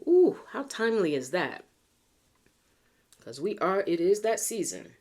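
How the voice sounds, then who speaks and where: An American woman doing a pick-a-card tarot reading, chatty and earnest, slowing down to read the cards aloud and clearing a tickly throat. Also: medium pitch, sing-song, darkish tone. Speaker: tarot reader.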